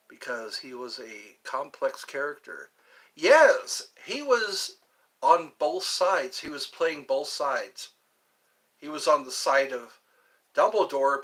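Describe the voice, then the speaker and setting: A man's voice: fairly high pitch, pushed and bright, breathy edge, rough recording. A man hosting a live stream, rambling casually and answering viewers' comments.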